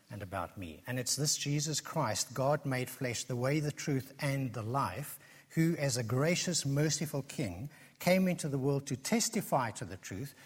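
A man delivers an earnest sermon, his points driven home through emphatic repetition. His voice is slightly husky, and it rings out with the long reverb of a large church hall. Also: medium pitch. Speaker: preacher.

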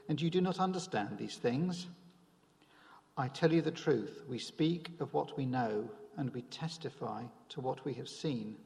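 Guy reading the bible out loud, gravelly, echoing church hall. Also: medium pitch. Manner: measured formal reading. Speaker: scripture reader. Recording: church hall with long reverb.

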